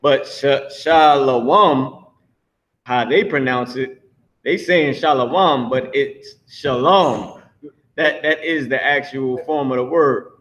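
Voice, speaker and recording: A man's voice: medium pitch, steady tone, measured pace, a bit bright. A man teaching a live language class in a loose, slangy way, repeating words as he builds each point.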